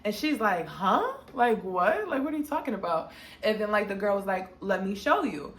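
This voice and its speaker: Animated woman telling a story, echoey room. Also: normal speed. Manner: animated, slangy, acts out quotes in a high voice. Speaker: storytime vlogger. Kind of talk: casual storytime narration.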